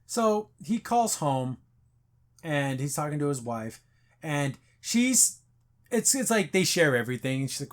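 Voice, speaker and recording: A man's voice: medium pitch, big pitch swings, unhurried. A man hosting a casual review podcast, animatedly retelling scenes and acting out the characters' lines. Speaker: podcast host.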